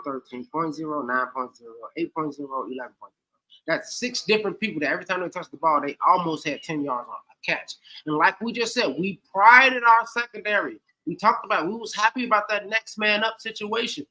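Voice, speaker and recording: A man's voice: high-pitched, animated, a little fast, sharp tone, low-quality recording. A man co-hosting a casual sports podcast, giving game grades in a playful, rambling way, often saying "like I said". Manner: repeats "like I said", playful.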